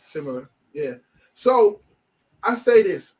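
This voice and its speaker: A middle-aged man hosts a podcast in easy, casual chat. His voice sits fairly high for a man, and he rambles along animatedly, restarting his sentences. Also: big pitch swings, slow, a little mellow. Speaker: podcast host.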